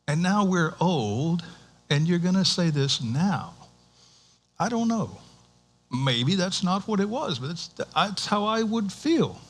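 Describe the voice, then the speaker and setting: A male pastor giving a sermon in a conversational, animated way, with restarts and rhetorical questions to the congregation. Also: sits high, takes it slowly. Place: church.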